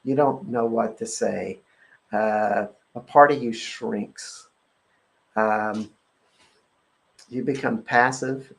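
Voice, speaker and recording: A man hosting a live energetic clearing session, repeating a chant-like clearing phrase and talking in a halting way with many fillers. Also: medium pitch, low-quality recording. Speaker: host and energy-clearing practitioner. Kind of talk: guided energetic clearing talk on a live show.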